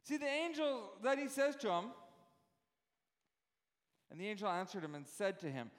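Man preaching, animated, repeats words, very high voice, long hall reverb. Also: normal speed. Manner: animated, repeats himself, rhetorical questions. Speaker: pastor. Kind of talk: sermon.

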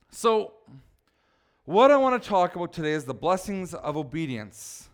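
A middle-aged man preaching a blunt, exhorting sermon, swinging between loud pushes and quiet asides. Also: high-pitched, sing-song, normal speed, clear, resonant tone.

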